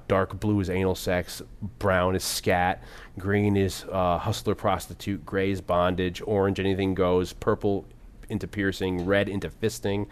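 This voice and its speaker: A man casually talking about a film as podcast co-host, rambling with frequent laughs and swearing. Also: sits low. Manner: rambling, profane, laughs often.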